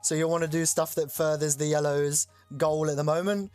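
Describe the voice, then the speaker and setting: A streamer hosting a chat-voted game live, excitable and loose, swearing casually while explaining the rules. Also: medium pitch, a little fast, no room sound, soft background music.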